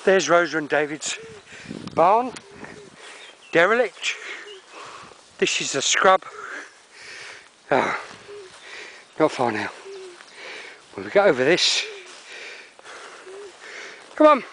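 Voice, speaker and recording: Puffing and wheezing, an older man with a Cockney accent narrates a walking vlog as he climbs a steep, wooded hill outdoors. He speaks slowly with long pauses, in a fairly high, slightly bright voice with big pitch swings, over slight background noise.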